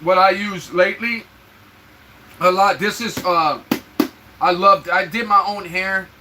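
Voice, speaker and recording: High, bright-voiced man venting on a live stream. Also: measured pace, slight background noise, low-quality recording. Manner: emotional, venting, talks straight to viewers. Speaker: livestream host. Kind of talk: casual livestream chat. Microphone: own microphone for the live stream.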